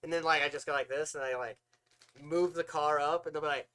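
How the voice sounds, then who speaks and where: A man co-hosting a casual podcast, telling long, animated stories, acting out voices and swearing often. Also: on the high side, brisk. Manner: rambling, animated storytelling that acts out voices, with frequent swearing. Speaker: podcast co-host.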